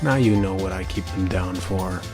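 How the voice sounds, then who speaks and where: A man voicing a deep, deadpan long-eared rabbit. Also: normal speed, soft background music. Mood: dry. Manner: dry, short deadpan replies. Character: long-eared young male rabbit, calm and blunt.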